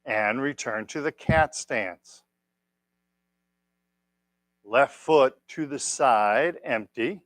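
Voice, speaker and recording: A man leading a tai chi class, giving calm step-by-step cues and gentle praise on a clip-on mic. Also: mid-range voice, extremely slow, long pauses, dry recording. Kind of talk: guided exercise class. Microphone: clip-on microphone.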